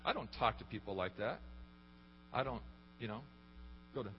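A man's voice: on the low side, animated, moderate pace. A man preaching a sermon, emphatic, often asking the congregation questions. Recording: echoey hall, dull lo-fi, faint hum.

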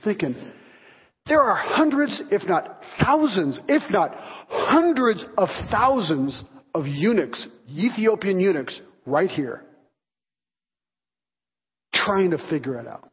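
A male pastor with a high, slow, slightly breathy voice preaches a sermon, animatedly telling stories and acting out the voices of the people in them. The recording has the dull reverb of a hall.

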